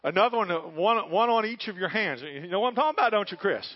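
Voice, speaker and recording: A middle-aged man preaches with fervour, his fairly high voice swinging between hushed asides and loud exclamations. He tells folksy stories from the pulpit. The recording sounds dull and lo-fi. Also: animated, quick pace. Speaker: pastor. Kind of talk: sermon.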